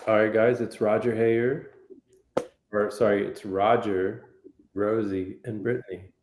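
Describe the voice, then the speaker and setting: A man's voice: on the low side, level tone, unhurried, a little mellow, slight background noise. A man hosting a casual livestream chat, easygoing and rambling, with a lot of fillers. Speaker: host. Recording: echoey room.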